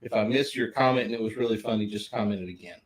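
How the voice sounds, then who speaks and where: A man's voice: lowish voice, fast talker, low-quality recording. A middle-aged man, chatting casually on a livestream and greeting viewers by name. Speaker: livestream co-host.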